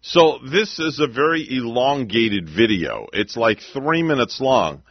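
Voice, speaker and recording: A man's voice: medium pitch, animated, a little slow, dry recording, dull audio. A man hosting a morning radio show, chatting casually with a rambling, easygoing manner. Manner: chatty, rambling, laughs along with clips.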